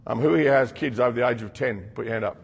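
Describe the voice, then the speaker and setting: Gravelly Australian man in an echoing hall. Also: medium pitch, fast, highs cut off. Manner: blunt, earnest storytelling with slang. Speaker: rehab program leader. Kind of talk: talk to a group. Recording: long reverb from a hall.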